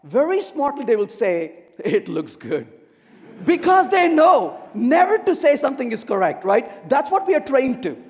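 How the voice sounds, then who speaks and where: A high-voiced man talks with a swinging, animated pitch as he gives a comic conference keynote. He keeps asking the audience questions. His voice rings with long reverb from a large hall. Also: moderate pace, few pauses. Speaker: conference speaker. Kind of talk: humorous technical keynote.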